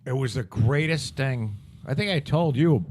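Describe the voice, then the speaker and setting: A man's voice: medium pitch, moderate pace, a little mellow, a little hiss or hum. A man co-hosting a podcast, ranting about politics in crude, profane banter. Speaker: podcast co-host.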